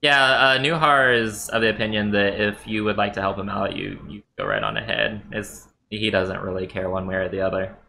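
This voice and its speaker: A man serving as game master, narrating a tabletop game in a relaxed, chuckling way with many fillers. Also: lowish voice, a little fast, gravelly, few pauses, slight background noise.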